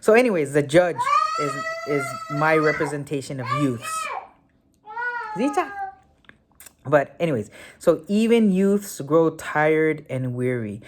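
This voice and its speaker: Talk as a woman with a very deep voice giving a casual spoken tutorial, thinking aloud with lots of fillers and correcting yourself as you go. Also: expressive, unhurried, hardly any pauses, slight background noise. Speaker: memory technique tutor.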